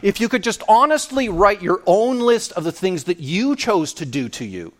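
A man preaching a sermon in an animated, playful way, acting out little scenes and quotes. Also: sits high, moderate pace.

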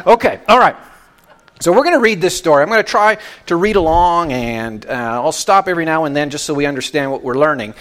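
Conversational Canadian pastor preaching. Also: male voice, animated, a little fast, fairly bright tone. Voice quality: deep voice. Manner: conversational, restarts phrases while explaining. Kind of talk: sermon.

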